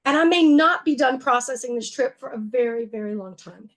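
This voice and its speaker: High-voiced woman giving an earnest slideshow talk. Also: fairly quick. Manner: conversational, with frequent fillers and self-corrections; earnest and emotional, with wry humor. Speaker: museum executive director giving a talk.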